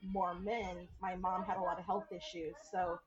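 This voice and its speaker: A woman guest on a podcast, chatting candidly with frank, swear-filled, animated storytelling. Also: on the low side, moderate pace, breathy edge, highs cut off. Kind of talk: candid casual chat.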